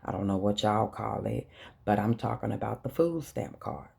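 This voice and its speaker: A woman's voice: extremely low pitch, creaky, darkish tone, slightly rough. A middle-aged woman from Chicago with a Chicago accent, talking straight to her viewers in an emotional, blunt monologue. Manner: slow, earnest and blunt, with profanity. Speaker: vlogger. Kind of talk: emotional direct-to-camera monologue.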